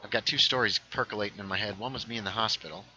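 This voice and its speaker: On a gaming livestream at his home setup, a man chats casually as he plays, rambling through stories and reading chat messages aloud. His voice is on the low side, very fast, sharp in tone with a breathy edge, and the audio sounds dull.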